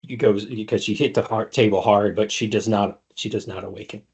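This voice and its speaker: A man's voice: on the low side, fairly even intonation, brisk, darkish tone, husky. A man narrating a tabletop game as game master, describing scenes with frequent fillers.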